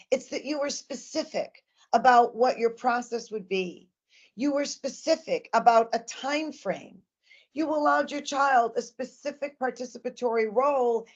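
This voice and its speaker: A woman's voice: on the high side, lo-fi sound. A woman giving an earnest, emphatic presentation to parents about communicating with children.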